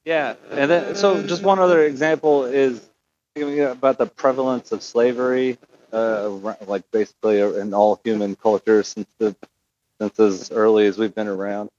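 A man's voice: mid-range voice, fairly even intonation, normal speed, darkish tone, lo-fi sound. A male caller on a talk show who speaks hesitantly, with many fillers and restarts. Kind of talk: call-in conversation.

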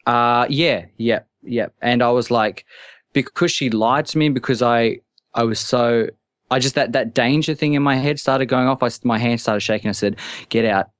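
An anxious man on a call-in show, telling his story haltingly and tripping over his words. His voice is dry and close, with no room around it and a middle pitch. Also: no echo. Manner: halting, stammering, many restarts. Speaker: caller.

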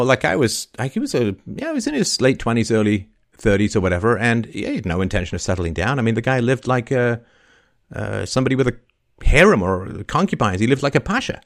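A man hosting a call-in show, telling an animated story and acting out the quoted voices. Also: on the low side. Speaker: podcast host.

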